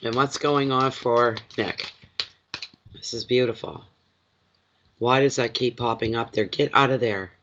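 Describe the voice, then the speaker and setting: Pausing often and speaking a little slowly, a man with a cold and runny nose chats through an emotional, rambling tarot reading on a live stream. His medium-pitched voice is fairly bright with fairly even intonation, and the dull lo-fi stream audio carries a little hiss or hum.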